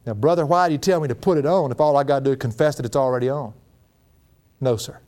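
A middle-aged man preaching a sermon as a pastor, folksy and animated, laughing often. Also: mid-range voice, fast.

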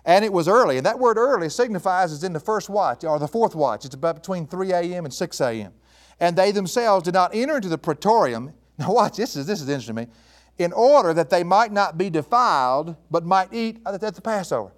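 A man giving a verse-by-verse Bible teaching, emphatic and animated, with chuckling asides. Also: sits high, fairly quick.

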